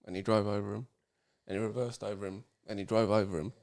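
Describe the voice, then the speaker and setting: A man's voice: fairly low pitch, level tone, quick pace, vocal fry, darkish tone. A young man co-hosting a podcast, telling rambling, sweary stories in casual banter and laughing often. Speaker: podcast co-host.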